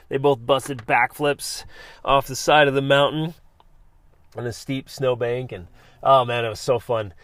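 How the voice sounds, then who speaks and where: A man's voice: mid-range voice, dry recording. An enthusiastic man in his forties, hosting a motivational talk and telling an adventure story with many restarts. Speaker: podcast host.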